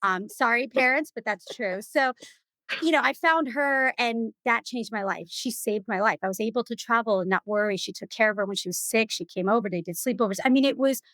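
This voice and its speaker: A woman guest telling stories in a casual interview, chatty and animated, full of "you know" and "like.". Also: fairly high pitch, brisk, no echo. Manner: animated, acts out other people's lines. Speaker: podcast guest.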